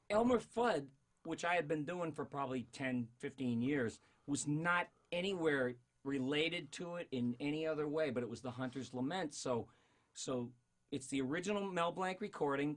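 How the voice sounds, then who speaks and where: A man's voice: fairly high pitch, moderate pace. A man in his fifties, a voice actor, chatting jokily in an interview. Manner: animated, jokey, breaks into character voices. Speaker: voice actor guest. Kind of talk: casual interview chat. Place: studio.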